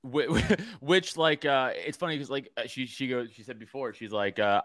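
A man's voice: medium pitch, fairly quick, few pauses, bright, forceful tone, no room sound. A man hosting a casual podcast, rambling and laughing as he tells stories, with plenty of swearing. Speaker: podcast host.

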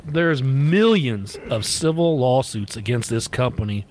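A man's voice: mid-range voice, expressive, measured pace, darkish tone, a little hiss or hum. A man from the United States co-hosting a podcast, telling stories in a blunt, profane, casual way. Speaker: podcast co-host. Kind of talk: casual chat.

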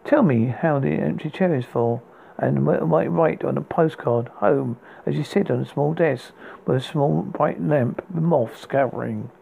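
A man's voice: fairly high pitch, a little slow, creaky, warm tone. A man hosting a podcast, reading poems aloud and often stumbling and restarting words. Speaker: podcast host. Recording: tinny phone-like sound with faint hiss.

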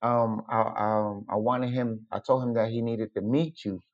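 A man's voice: on the low side, fairly even intonation, unhurried. A man voicing a friendly, welcoming young woman in a retold story. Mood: pleased. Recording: dull lo-fi recording.

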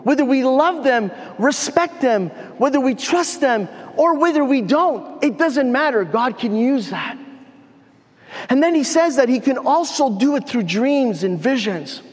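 A man's voice: very high voice, expressive, a little slow, big-room sound. A man preaching a sermon as pastor in a conversational way, often repeating and restarting his words.

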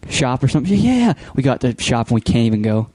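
A man's voice: mid-range voice, sing-song, fast talker, a little mellow, slightly rough. A young man co-hosting a podcast, chatting casually and chiming in with jokes. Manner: joking interjections. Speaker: podcast co-host. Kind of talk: casual chat.

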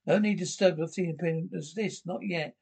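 A man's voice: on the high side, a little fast, creaky, darkish tone, slightly rough. A man playing a cool, composed law-firm boss. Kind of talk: TV drama dialogue.

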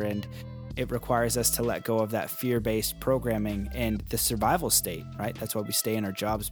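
A man hosting a podcast, closing the episode in a relaxed way with many fillers. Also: fairly low pitch. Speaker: podcast host. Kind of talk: casual outro and sponsor read. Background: faint music.

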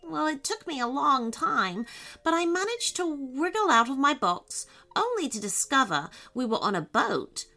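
A woman voicing a gentle, earnest little male lizard in a children's storybook reading, speaking softly. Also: high-pitched, sing-song, normal speed, soft background music, pitched above the performer's own voice, exaggerated voice.

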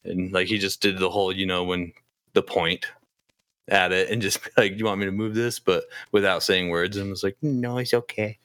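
A man's voice: low-pitched, flat delivery, fairly quick, fairly bright tone, clean tone, no echo. A man on a casual podcast telling funny stories, laughing at them and swearing freely. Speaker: podcast host. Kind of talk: casual chat.

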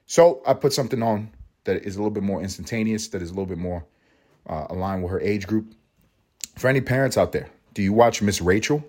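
A man hosting his own podcast at home, ranting in a profane, sarcastic way and swinging between loud jabs and low mutters. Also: a little fast. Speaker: podcast host and father. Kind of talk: solo comedic podcast rant.

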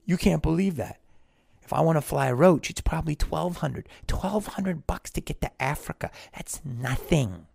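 A man's voice: a little high, lively intonation, moderate pace, creaky, darkish tone, husky, dry recording, studio quality. A man who is an actor and podcast host, delivering a blunt, profane, rambling monologue in casual talk. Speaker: actor on tour.

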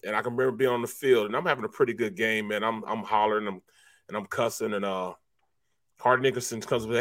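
A middle-aged former football player co-hosting a sports talk show, telling stories in a relaxed way, laughing and saying "man" a lot. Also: fairly low pitch, fast. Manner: relaxed, laughing storyteller, says "man" often.

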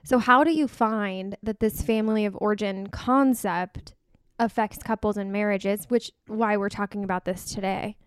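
A woman with a smooth, clear voice of middling pitch hosts a casual podcast chat, candid as she tells personal stories. The recording is dry and close. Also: steady tone, normal speed, no echo. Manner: candid, storytelling. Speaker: podcast host.

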